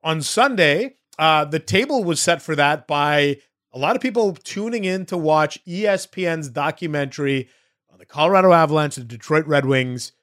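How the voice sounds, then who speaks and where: Eager, higher-voiced man podcast co-host. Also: lively intonation, fairly bright tone. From Canada. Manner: eager, rapid bursts, audience-addressing. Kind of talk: casual sports chat.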